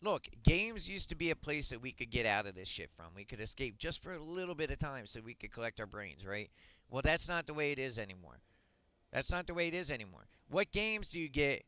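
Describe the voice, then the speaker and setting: A man streaming a game, delivering a blunt, profane rant that swings up to shouting. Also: mid-range voice, big pitch swings, brisk, smooth, no room sound, rough recording. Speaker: gaming streamer. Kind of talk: ranting monologue on a livestream.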